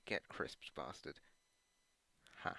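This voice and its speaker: A man's voice: takes it slowly, pushed and bright, no room sound. A man rambling casually while playing a video game, meandering and hesitant with plenty of ums and uhs, and dropping self-deprecating asides. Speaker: gaming channel host.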